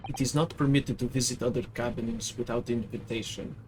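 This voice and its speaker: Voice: medium pitch, fairly even intonation, noisy background, voice pushed down, natural voice. A streamer voicing a rude, burly male ship crewman with a mock Russian accent in a video game reading, using clipped broken English. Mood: haughty. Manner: gruff, clipped broken English, slow and loud.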